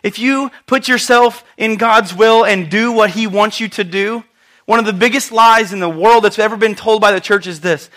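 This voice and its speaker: A man preaching a sermon, telling a story with lively asides and questions to the congregation. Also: high voice, moderate pace.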